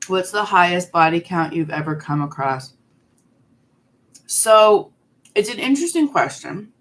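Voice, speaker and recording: Low-voiced woman chatting candidly on a live stream. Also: lively intonation, a little slow, a bit bright. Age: 40s. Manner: candid, chatty, eating candy while talking. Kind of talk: casual live stream chat answering viewers.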